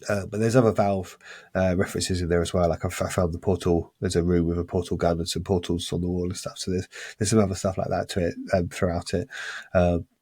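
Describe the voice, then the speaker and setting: A man's voice: low voice, level tone, fast talker, a little mellow, breathy edge, no room sound, clean studio sound. A man co-hosting a casual podcast, talking enthusiastically and rambling with restarts. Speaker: podcast co-host.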